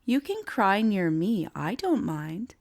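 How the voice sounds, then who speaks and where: A woman voicing a sweet young girl who speaks gently and softly. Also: mid-range voice, very animated, slow, pitched above the performer's own voice, full character voice. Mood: gentle. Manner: gentle, soft.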